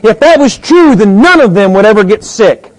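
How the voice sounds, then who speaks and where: A male pastor preaching a sermon, emphatic, moving between quiet stretches and loud rising points. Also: sits high, expressive, normal speed, poor audio.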